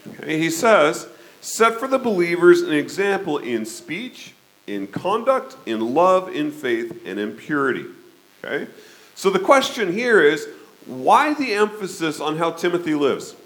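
Lively-voiced man in his fifties preaching. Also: fairly high pitch, measured pace, poor audio. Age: 50s. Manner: conversational preaching, frequent "okay?" check-ins. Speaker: pastor. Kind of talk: sermon.

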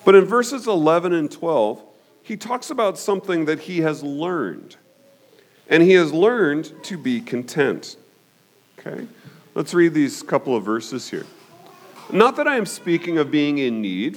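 A man teaching a Bible study in a conversational way, often pausing to ask "okay?" and putting questions to his listeners. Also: fairly high pitch, sing-song. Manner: conversational, frequent "okay?" check-ins.

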